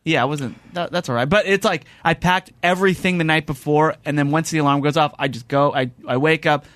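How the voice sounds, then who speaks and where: Animated man telling a story. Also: a little high, fairly quick, no echo. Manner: animated, laughs often, many restarts. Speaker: podcast host. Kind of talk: casual chat, storytelling.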